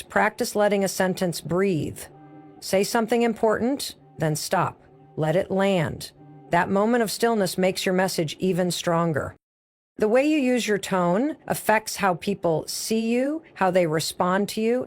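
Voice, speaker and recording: A woman delivering a motivational speech as a speaker, coaching the listener in short, emphatic, punchy phrases. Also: medium pitch.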